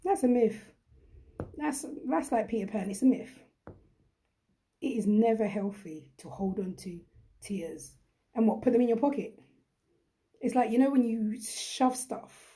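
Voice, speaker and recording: A young woman talks straight to her viewers in a live chat, warm and mellow in tone. She is chatty and emphatic, often repeating a point to press it home. Her manner stays encouraging throughout. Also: on the high side, lively intonation, unhurried, long pauses. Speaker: host.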